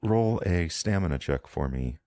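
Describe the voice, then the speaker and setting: A man's voice: low voice, lively intonation, moderate pace, mellow, smooth, dry recording. A man as game master, narrating a tabletop game in a meandering, descriptive way, often searching for words.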